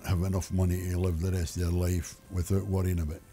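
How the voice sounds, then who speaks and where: A man's voice: low-pitched, monotone, quick pace, dark tone, faint music behind. An older retired man rambling through a personal story, wry and full of restarts. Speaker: interviewee.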